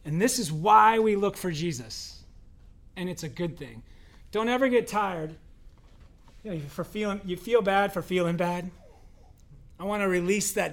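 A man's voice: high voice, unhurried, vocal fry, pauses often. A man preaching a sermon at church in a loose, conversational and joking way, acting out voices as he goes. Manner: conversational, humorous, acts out voices in quotes. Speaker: pastor.

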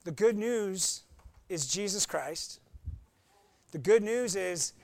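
A man's voice: high-pitched, animated, takes it slowly, gravelly, no room sound. A man preaching a conversational, emphatic sermon as pastor, acting out short quotes.

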